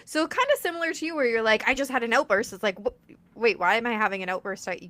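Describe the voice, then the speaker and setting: A woman in her thirties hosting a casual talk, animated, laughing often and acting out quoted lines. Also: a little high, fast talker, no echo. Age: 30s. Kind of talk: casual conversational chat.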